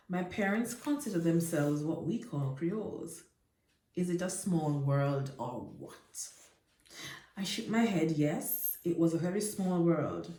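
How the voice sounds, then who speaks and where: A woman who teaches literature, reading a novel aloud in a careful, measured way. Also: deep voice, lively intonation, mellow. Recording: echoey room.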